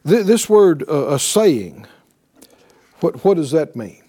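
A man preaches with a high, swooping voice. He takes his time and his tone stays warm and mellow. He often checks in with his listeners and acts out the words of believers. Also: slow pace. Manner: animated, calls for responses with "right?". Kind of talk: sermon.

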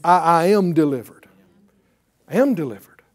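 A man's voice: fairly high pitch, moderate pace, faint music behind. An older man preaching a sermon, calling for responses from the congregation and telling a story from his ministry. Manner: animated call-and-response preaching, hallelujahs; storytelling, acting out both sides of a conversation.

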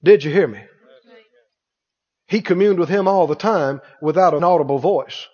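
A man's voice: a little high, moderate pace, darkish tone, husky. A man preaching a sermon, acting out scripture voices and firing rhetorical questions at the congregation. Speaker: pastor. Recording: dull sound with long hall reverb.

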